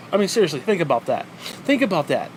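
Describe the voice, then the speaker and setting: A man with a slightly high voice rants alone into the mic, swearing constantly and firing off incredulous rhetorical questions. He veers between loud disbelief and muttered asides. A faint hum sits under the recording. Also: very animated, normal speed. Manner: profane, exasperated ranting with mocking rhetorical questions. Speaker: podcast host. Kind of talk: solo ranting podcast monologue.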